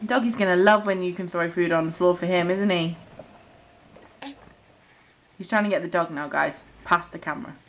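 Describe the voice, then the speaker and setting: In this casual vlog, a young Cheshire mum talks at home, urging her baby son to chew and turning now and then to speak to her viewers in a chatty way. She speaks on the low side at normal speed, pausing often. There's slight background noise, and the recording quality is poor.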